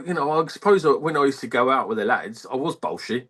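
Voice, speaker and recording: A man, an army veteran telling stories in a casual radio interview, halting and rambling with many fillers. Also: mid-range voice, expressive, fairly bright tone, slightly rough.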